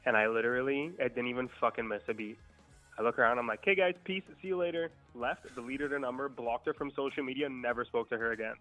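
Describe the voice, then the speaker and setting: A man's voice: mid-range voice, fairly even intonation, quick pace, sharp tone, low-quality recording. Young guy telling a crazy party story, swears a ton, chill delivery, faint music behind. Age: young adult. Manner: profane, laid-back anecdote telling. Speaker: guest storyteller. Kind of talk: casual podcast storytelling.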